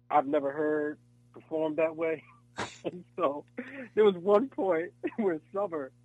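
A man, an actor, talking in a relaxed interview and telling animated stories, acting out voices and laughing often. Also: on the high side, slightly rough, no room sound, narrow, tinny audio. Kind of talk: casual interview chat.

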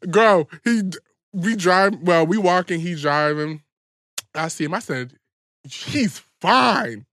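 A man's voice: sits high, animated, fairly bright tone, no room sound, clean studio sound. A man co-hosting a podcast, bantering and teasing in casual chat while he tells the trip story. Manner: sassy banter, quick asides, teasing. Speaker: podcast co-host.

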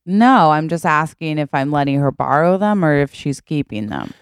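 A woman's voice: deep voice, expressive, moderate pace, clear, resonant tone, no echo. A woman playing a dry, exasperated career woman. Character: weary, successful single woman on vacation.

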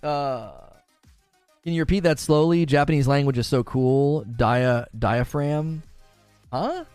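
On a dry recording with soft music underneath, a streamer speaks slowly in a fairly high, smooth, slightly mellow voice. He keeps things chatty, laughing frequently as he reads out what viewers type in chat.

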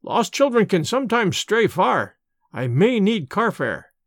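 A man's voice: high voice, big pitch swings, measured pace, fairly bright tone, dry recording, studio quality, exaggerated voice. A man voicing a pompous, henpecked older major who blusters and wheedles. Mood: blustering.

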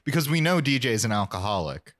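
A man riffs through an episode recap with his co-hosts, tossing off dry jokes and quick asides. His voice sits in a middle register but moves a lot, rising and dipping with each punchline. The talk is loose and conversational. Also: mid-range voice, very animated, fairly bright tone. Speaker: podcast co-host. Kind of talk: casual chat recapping a TV episode.

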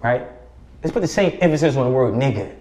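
A man speaking as a podcast guest, preaching forcefully with profanity and rhetorical questions. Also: mid-range voice, expressive, fast talker. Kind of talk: impassioned podcast conversation. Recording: roomy echo.

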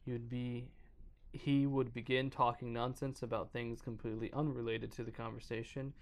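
Man, podcast host, casual horror story reading, gravelly, stumbles over words. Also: mid-range voice, flat delivery, normal speed. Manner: reads aloud, stumbles, breaks off to joke.

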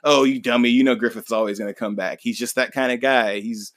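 A man's voice: medium pitch, fairly even intonation, a little fast, a bit bright, lightly acted. A man voicing rowdy, drunken male mercenaries, boisterous and teasing.

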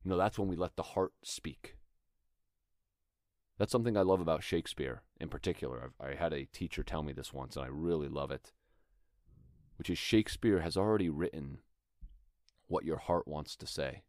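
Very deep-voiced man teaching acting. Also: normal speed, pauses often, a little mellow, no echo, clean studio sound. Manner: thoughtful, conversational, demonstrates lines aloud. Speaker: acting coach podcast host. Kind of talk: instructional talk.

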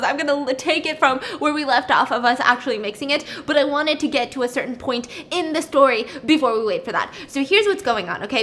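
A young woman casually retelling a story while cooking, chatty and animated, with lots of filler words. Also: high-pitched. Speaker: storytelling vlogger.

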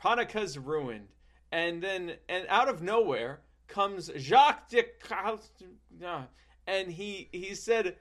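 A young man improvising a rambling comic story, full of halting restarts and playful asides. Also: sits high, expressive, fairly bright tone.

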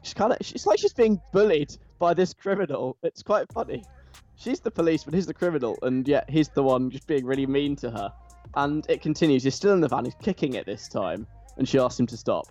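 A man's voice: fairly high pitch, brisk, soft background music. A man chatting enthusiastically and gushing about a show he loves, restarting his sentences often. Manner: animated, gushing, with frequent restarts. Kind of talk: casual enthusiastic chat.

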